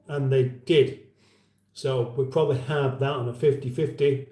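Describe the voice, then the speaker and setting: A man's voice: medium pitch, moderate pace, warm tone, reverberant. A man hosting a casual livestream, rambling chattily and reading out viewer comments. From United Kingdom. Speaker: livestream host.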